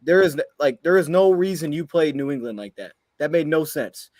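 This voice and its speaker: A man rants after a game at a rapid clip, his voice sitting a little high as he stacks one exasperated rhetorical question on another. The sound is dry and close, with no room around it. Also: expressive, darkish tone, no room sound. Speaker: sports podcast co-host. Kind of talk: heated post-game rant.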